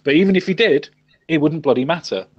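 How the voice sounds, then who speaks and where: A man's voice: on the high side, lively intonation, fast. Man, emphatic and dull-sounding. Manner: emphatic, repeats points, swears casually. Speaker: co-host. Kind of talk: casual chat.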